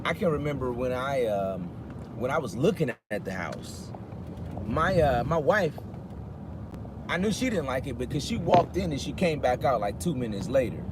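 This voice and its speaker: A man's voice: medium pitch, very animated, moderate pace. A man in his fifties chatting loosely on a live stream from his car, reading viewer comments as he drives. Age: 50s. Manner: talks loosely, reads viewer comments aloud. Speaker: rideshare driver livestreaming. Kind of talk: casual live-stream chat. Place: inside a car with the window down. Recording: loud street traffic noise.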